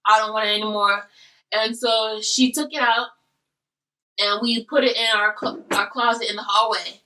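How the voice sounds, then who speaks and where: A woman's voice: on the high side, steady tone, moderate pace, pushed and bright, far from the mic, a little hiss or hum, poor audio. A woman hosting a casual eating video, animatedly telling a story. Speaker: host.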